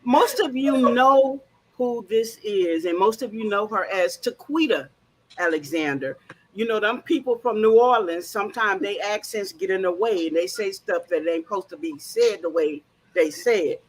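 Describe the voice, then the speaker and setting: A woman hosting a casual show, playful and animated. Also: medium pitch, normal speed, low-quality recording. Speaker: host.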